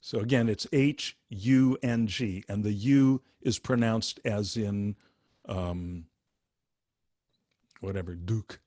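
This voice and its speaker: An older man teaching meditation over a video call, unhurried, with frequent fillers and restarts as he spells out and pronounces each syllable of a chant. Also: fairly low pitch, mellow, no room sound, clean studio sound.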